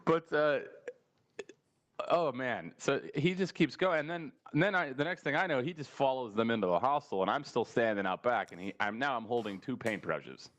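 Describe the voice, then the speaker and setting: A man's voice: medium pitch, normal speed. A man telling a story in casual podcast chat. He laughs often and acts out the people he quotes. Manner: animated, mimics people he quotes.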